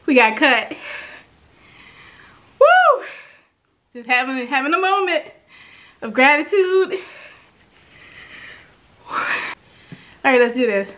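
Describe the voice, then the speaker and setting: A young woman vlogging about her own life in a bright, clear voice that sits a little high. She talks casually and with lots of animation, leaping up in pitch when she acts out the people she quotes. She is emotional and close to tears throughout. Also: takes it slowly, pauses often. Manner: chatty and animated, acts out quoted dialogue with big pitch jumps. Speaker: vlogger reviewing an online course. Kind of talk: casual personal vlog storytelling.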